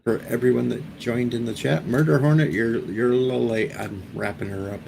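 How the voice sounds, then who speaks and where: A man's voice: mid-range voice, fairly even intonation, normal speed, vocal fry, noisy background. A man hosting a live stream, chatting casually and joking as he wraps up the show. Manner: joking, rambling. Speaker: livestream host.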